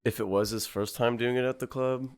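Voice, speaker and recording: A man's voice: mid-range voice, steady tone, brisk, smooth. A man chatting on a casual comedy podcast, laid-back and laughing often. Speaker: podcast co-host.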